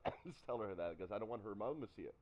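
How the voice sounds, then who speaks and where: A man chatting casually on a live stream, telling stories in an animated way and acting out what people said. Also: fairly low pitch, racing, highs cut off. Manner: animated storytelling, acts out quotes. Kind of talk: casual chat.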